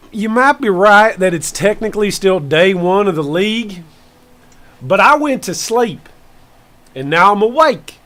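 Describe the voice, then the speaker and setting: Brief: male streamer playing old country farmer, Southern drawl, slow folksy pauses, bouncy high voice. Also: fairly bright tone, heavily acted. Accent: put-on Southern US rural. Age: older. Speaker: gaming streamer host in character. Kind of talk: comic character bit on a game stream.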